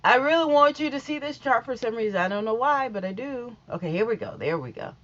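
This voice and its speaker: Woman vlogger, lively and scattered, casual news recap on a dull-sounding mic. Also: a little high, a little fast. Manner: chatty, scattered, talks straight to viewers. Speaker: YouTube vlogger.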